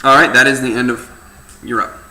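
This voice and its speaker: A man's voice: medium pitch, level tone, fairly quick, bright, forceful tone. A man narrating a tabletop game as game master, in a loose, filler-heavy style. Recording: echoey room, faint noise.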